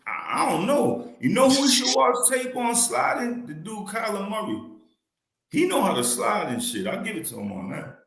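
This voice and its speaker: High gravelly man in echoey room. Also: big pitch swings, normal speed, fairly bright tone. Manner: profane, laughing, loose banter. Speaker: podcast co-host. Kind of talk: casual sports talk.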